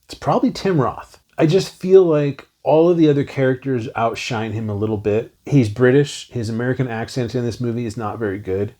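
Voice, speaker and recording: A man's voice: medium pitch, brisk, hardly any pauses. A man in his forties co-hosting a casual movie review show, talking enthusiastically and quoting lines he loves. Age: 40s. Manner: enthusiastic, animated, quotes lines from the film. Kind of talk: casual film review chat.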